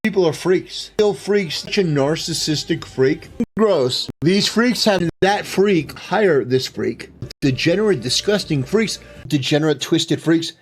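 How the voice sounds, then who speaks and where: A man's voice: fairly high pitch, animated, measured pace. A man ranting in online commentary clips, spitting out contemptuous insults in short bursts. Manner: contemptuous, clipped name-calling. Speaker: YouTube commentator. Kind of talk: supercut of online commentary rants.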